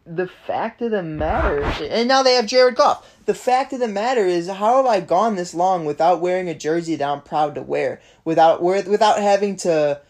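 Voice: medium pitch, lively intonation, normal speed, few pauses, a little mellow. A young adult in their twenties hosting a sports podcast, ranting in frustration and swearing constantly as a fan. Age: 20s. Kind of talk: casual sports podcast rant.

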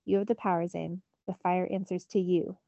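A woman reading a storybook's calm, commanding male god mentor, speaking steadily and a little lower and softer than her narration. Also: normal speed, vocal fry, no room sound, dull audio.

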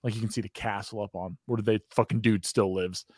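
A man's voice: lowish voice, steady tone, brisk, a little mellow, husky, no room sound, studio quality. A man with an American accent, hosting a podcast and telling a long, profane, rambling story in casual chat, often breaking into laughter. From United States. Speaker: podcast host.

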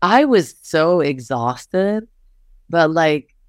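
A middle-aged woman who is a basketball head coach speaks candidly in an interview, telling stories animatedly with frequent "like" fillers and acted-out quotes. Her voice is low-pitched and extremely slow. The studio-quality recording is dry.

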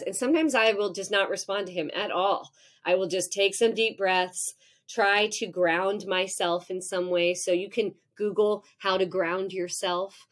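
A woman's voice: medium pitch, fairly even intonation, unhurried, a bit bright. A woman in her forties, a professor speaking as a podcast guest, explaining in a frank, self-mocking way and acting out her own outbursts. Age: 40s. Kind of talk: candid conversational explaining.

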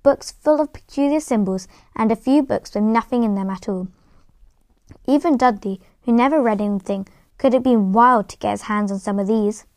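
A woman's voice: fairly high pitch, no room sound. Woman narrator reading a book aloud; unpolished, occasional restarts, dry close recording. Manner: plain storytelling with occasional stumbles and restarts. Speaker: reader.

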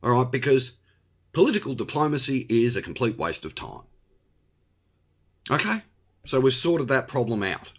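A man's voice: medium pitch, sing-song, normal speed, long pauses, slightly rough. Blunt Australian man ranting. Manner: blunt and ranting, with frequent tag questions. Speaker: host. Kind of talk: opinionated monologue.

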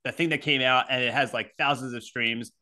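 A man's voice: medium pitch, fairly even intonation, brisk, bright, forceful tone. A man co-hosting a podcast, chatting casually and teasing his co-host with profane banter. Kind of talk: casual chat.

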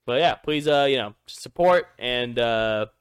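A man's voice: mid-range voice, a little slow, clean tone. A man co-hosting a loose group podcast, chatting casually with lots of fillers and restarts. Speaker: podcast co-host.

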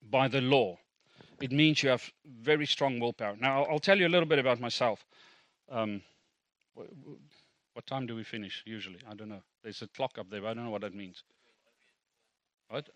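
A man's voice: mid-range voice, fairly bright tone, no echo. A middle-aged South African man, a native Afrikaans speaker, preaching a sermon as a pastor in a conversational, self-deprecating way with asides to the congregation.

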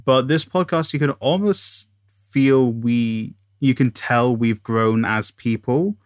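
A man co-hosting a podcast in casual chat, speaking haltingly with many pauses. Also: mid-range voice, no echo, clean studio sound. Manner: halting, full of fillers and restarts. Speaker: podcast co-host.

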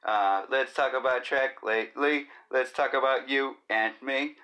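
A man's voice: mid-range voice, steady tone, a little slow, few pauses, bright, forceful tone. A man in his thirties hosting a casual solo podcast, rambling and joking, often slipping into silly voices and bits of singing. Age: 30s. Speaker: podcast host.

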